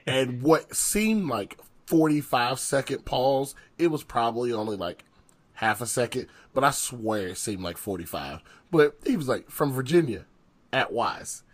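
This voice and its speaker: A young man telling lively stories on a podcast, laughing often and acting out the lines he quotes. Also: mid-range voice, unhurried. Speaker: podcast co-host, former football and baseball player. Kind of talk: casual podcast storytelling.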